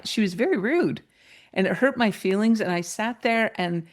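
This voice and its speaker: In an interview, a woman who works as a mentor and coach tells a personal story at normal speed, animated and laughing, her pitch leaping up whenever she gets excited.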